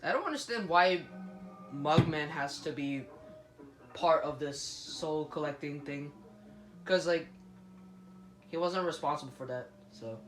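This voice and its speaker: A man's voice: a little high, a little slow, long pauses, fairly bright tone. A man casually commenting on a game, rambling with frequent restarts and self-corrections. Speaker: gaming YouTuber. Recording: roomy room with game music playing.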